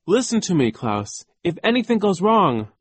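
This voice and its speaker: Man doing a pleading young boy: high, loud, desperate. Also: big pitch swings, normal speed, breathy edge, no room sound, full character voice. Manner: pleading, urgent.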